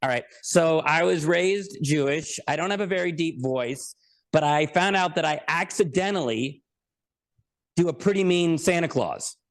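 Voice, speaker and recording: A man's voice: a little high, moderate pace. A man talking as a podcast guest in casual interview chat, joking, self-deprecating and rambling.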